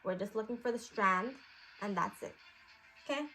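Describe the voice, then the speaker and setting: A woman's voice: mid-range voice, moderate pace, sharp tone. A woman in character as a psychic priestess giving a magic class, rambling with many fillers in a mystical tone. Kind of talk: improvised role-play class.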